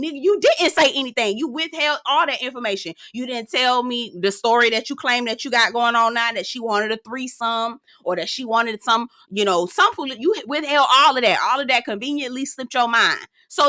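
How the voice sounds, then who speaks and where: A woman giving a sassy, animated recap of a reality show in casual commentary. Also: no echo, studio quality. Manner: sassy, animated storytelling, swings pitch for emphasis.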